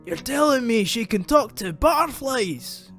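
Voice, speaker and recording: A man's voice: very high-pitched, expressive, measured pace, fairly bright tone, soft background music. A man reading a visual novel's character lines aloud in a playful put-on accent, laughing and joking with his co-host. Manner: playful, drawling, laughs often. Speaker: let's play co-host voicing characters.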